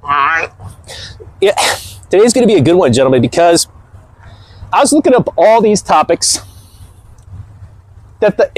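A man in his forties hosting a casual vlog rant, loud and energetic and quick to laugh. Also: high voice, dry recording. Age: 40s. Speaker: motivational video host.

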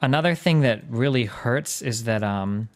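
A man's voice: mid-range voice, expressive, normal speed. A man hosting a livestream, talking casually and rambling, correcting himself often and filling gaps with "like" and "um". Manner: rambling, self-correcting, lots of "like" and "um". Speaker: streamer and debate host.

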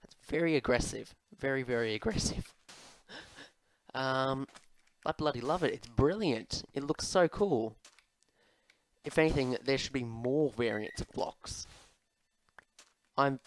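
In a roughly recorded clip, a young man answers viewer questions while gaming, speaking at a measured pace with frequent pauses in a mid-range voice. As a video host giving casual commentary, he's full of ums, false starts and jokes at his own expense, and his throat sounds slightly sore.

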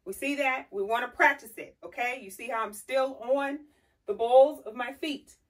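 A sassy, chatty woman talks through a casual tutorial in a fairly high voice. She sounds lively while she walks and demonstrates. She is picked up from a distance, across a carpeted room. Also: moderate pace. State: slightly out of breath. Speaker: style vlogger teaching heel walking.

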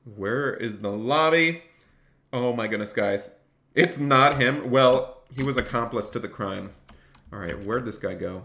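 A man's voice: mid-range voice, unhurried, sharp tone. A man streaming a game live, cheerfully thanking donors and barking mock police orders as he role-plays a cop. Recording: echoey room, faint noise.

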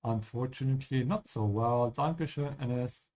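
A man hosting a live-streamed lesson, explaining German pronunciation slowly and switching between English and German. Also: medium pitch, a little mellow. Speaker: language teacher and stream host.

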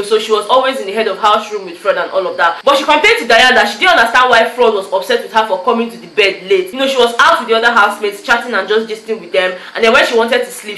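A young Nigerian woman with a Nigerian accent, a YouTuber recapping a reality show in chatty, animated storytelling that slips into pidgin asides. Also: fairly high pitch. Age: young adult. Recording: echoey room.

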